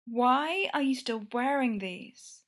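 Shy soft-spoken young woman in a story, hesitant and slow, as a woman reads her lines. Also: high voice, expressive, pitched above the performer's own voice, heavily acted.

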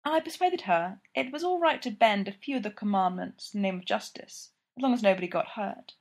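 A woman voicing a bold, flirtatious high-society lady detective, playful and teasing in her delivery. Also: lively intonation, a little fast.

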